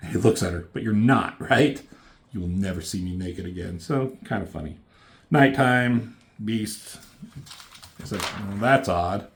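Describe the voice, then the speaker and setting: A man's voice: on the low side, measured pace, slight background noise. A man casually recapping and reviewing a comic book, loose and profane, reading out the characters' lines in a slightly raised voice.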